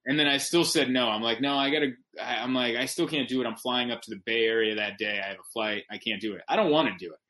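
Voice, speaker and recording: A male comedian tells a story as a podcast guest, talking casually with an animated, emphatic delivery. His voice is bright and forceful at an ordinary male pitch, and he often corrects himself mid-sentence. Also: quick pace, hardly any pauses.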